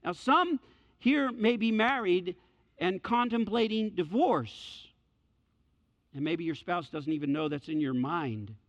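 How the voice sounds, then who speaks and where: A man's voice: sits high, slow pace. A middle-aged male pastor preaching a sermon, repeating key phrases and acting out the voices in his stories. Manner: acts out quoted voices in storytelling. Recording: dull lo-fi sound with hall reverb.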